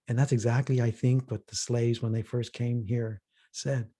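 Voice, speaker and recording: With a warm, husky, medium-pitched voice held steady at normal speed, a man runs a reflective workshop dialogue. He tells stories earnestly, voicing the people he quotes.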